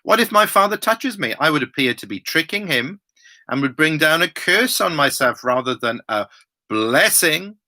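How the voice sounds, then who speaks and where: A man's voice: fairly high pitch, big pitch swings, normal speed, bright, forceful tone, no echo, exaggerated voice. A man reading an anxious younger son. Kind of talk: Bible reading.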